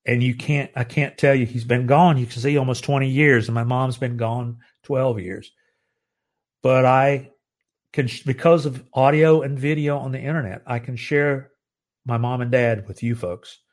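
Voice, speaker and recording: Earnest middle-aged American man host. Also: medium pitch. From United States. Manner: earnest, grows emotional, halting restarts. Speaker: live show host. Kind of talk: heartfelt live-stream talk.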